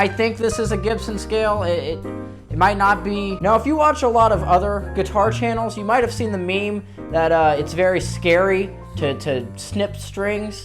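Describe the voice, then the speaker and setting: A young man hosting a casual guitar vlog, joking and rambling with playful asides. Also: high voice. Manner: goofy, rambling, self-deprecating jokes. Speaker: guitar YouTuber.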